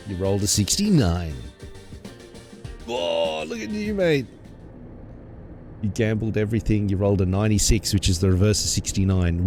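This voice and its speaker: A man's voice: sits low, warm tone. A young man chatting casually on a live gaming stream, laughing often as he plays. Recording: game music playing behind.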